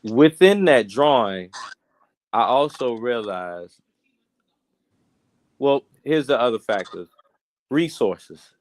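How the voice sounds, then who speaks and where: A man's voice: medium pitch, lively intonation, slow pace, pauses often. A man co-hosting a podcast, telling a story in a laid-back, rambling casual chat. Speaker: podcast co-host.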